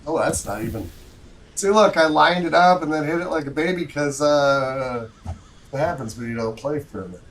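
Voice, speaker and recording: Chatty high-voiced male game streamer. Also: normal speed, poor audio. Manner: rambling, chatty, talks to viewers while playing. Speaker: livestream host. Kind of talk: casual gameplay commentary.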